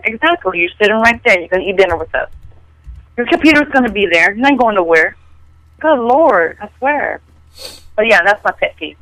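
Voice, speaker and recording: A woman co-hosting a casual podcast chat, telling a story in an animated, exasperated way. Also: medium pitch, fairly quick, no room sound, poor audio. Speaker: podcast co-host.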